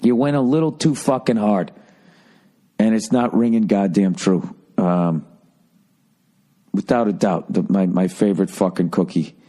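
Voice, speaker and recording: A man's voice: lowish voice, measured pace, pauses often. A middle-aged man hosting a podcast, telling a rambling, profanity-heavy story and mimicking people as he goes. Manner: animated, swearing, mimics people. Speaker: comedian podcast host.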